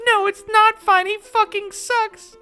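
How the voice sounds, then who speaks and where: A man doing a shrill bratty little girl. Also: level tone, slow, sharp tone, soft background music, exaggerated voice. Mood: scolding. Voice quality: shrill squeaky falsetto. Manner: scolding, bossy.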